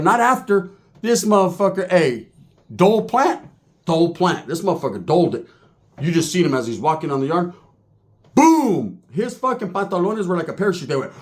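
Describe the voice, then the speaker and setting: Animated, profane male storyteller. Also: high voice. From California. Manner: animated, crude, acts out other people's voices. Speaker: former prisoner telling a story.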